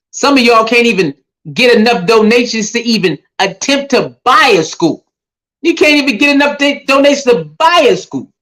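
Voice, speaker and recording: Brief: male commentary host, animated rant, pitch swings wide. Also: poor audio. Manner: animated, mocking put-on voices for critics.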